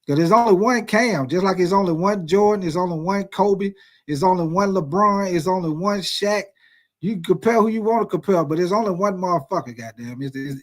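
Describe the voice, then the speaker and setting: Man, high-pitched, cursing and animated, casual sports commentary. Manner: profane, animated and emphatic. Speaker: sports talk host.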